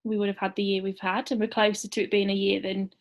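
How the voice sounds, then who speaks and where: A woman's voice: mid-range voice, level tone, quick pace. A woman chatting with her husband over a video call from downstairs at home, self-conscious and giggly, speaking a little formally. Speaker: guest, host's wife. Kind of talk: casual chat.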